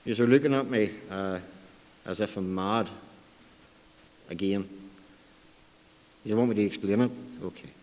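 A man's voice: lowish voice, a little slow, long pauses, darkish tone. A man preaching a sermon, emphatic and repeating key phrases for stress, with self-deprecating asides. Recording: long hall reverb.

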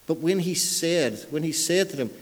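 A man's voice: on the high side, animated, moderate pace, long reverb tail. A man preaching a sermon in a church, speaking conversationally and often repeating himself. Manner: conversational, repeats words, dialect grammar.

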